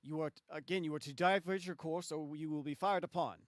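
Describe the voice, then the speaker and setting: A man voicing a curt male blockade officer, speaking formally and stiffly, with some halting fillers. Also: a little high, steady tone, no room sound, clean studio sound, pitched above the performer's own voice, close to an everyday voice. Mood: stern.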